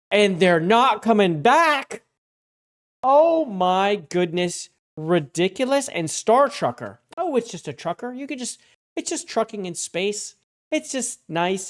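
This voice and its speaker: A woman hosting a comedic award show, rambling with sarcastic asides and bursts of mock panic. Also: fairly high pitch.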